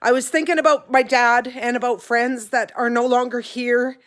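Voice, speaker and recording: A woman's voice: on the high side, little pitch movement, normal speed, a bit bright. A middle-aged woman talking casually to her vlog viewers from her kitchen, rambling and a little teary. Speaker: vlogger, ranch owner. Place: home kitchen.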